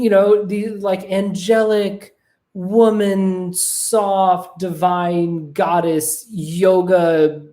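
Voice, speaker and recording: An animated podcast host talks casually on camera from a home desk. The voice sits at a middle pitch, and the talk runs loose and profane, with "right?" tossed in again and again. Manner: animated, swears freely, asks "right?" over and over.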